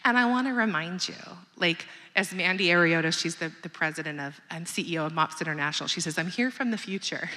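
A woman's voice: fairly low pitch, steady tone, quick pace, hardly any pauses, bright, forceful tone. A woman in her thirties giving a candid, conversational motivational talk to a mothers' group, often asking the audience questions. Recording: long hall reverb.

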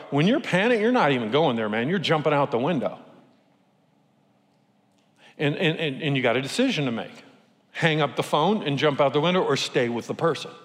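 A pastor preaching a sermon, telling stories and asking rhetorical questions. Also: male voice, fairly high pitch, big-room sound. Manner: lively storytelling with rhetorical questions.

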